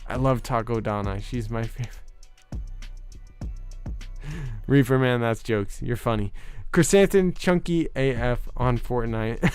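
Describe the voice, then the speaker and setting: A man hosting a casual livestream, chatting excitedly with viewers, often laughing and teasing them. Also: medium pitch, a little slow, pauses often, clear, resonant tone, no room sound, soft background music. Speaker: host of a fan channel livestream. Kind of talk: casual livestream chat reacting to viewer comments.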